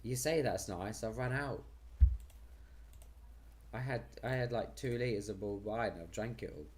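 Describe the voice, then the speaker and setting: A man's voice: on the low side, moderate pace. A man chats cheerfully as host of a live stream. He is losing his voice and keeps up a loose, rambling patter. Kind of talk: casual live stream chat.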